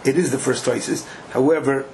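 A man giving a Talmud class, chanting the quoted text in an animated sing-song. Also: mid-range voice, a little fast, creaky, a little hiss or hum, low-quality recording. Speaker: Talmud teacher.

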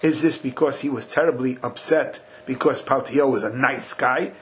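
A man teaching a Talmud study class, chanting Aramaic and Hebrew slowly and then translating it in a lively way. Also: medium pitch, breathy edge, rough recording.

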